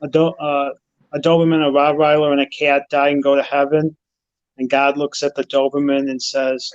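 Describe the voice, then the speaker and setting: A man's voice: on the high side, monotone, moderate pace, dry recording. Joke-telling man, muffled sound. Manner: teasing, tells jokes. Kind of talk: casual chat on a live stream. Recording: dull muffled audio.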